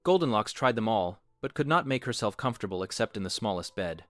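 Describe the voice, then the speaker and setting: A man reading a fairy tale aloud in an animated, expressive storytelling manner. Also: on the low side, fast talker, dry recording, faint music behind.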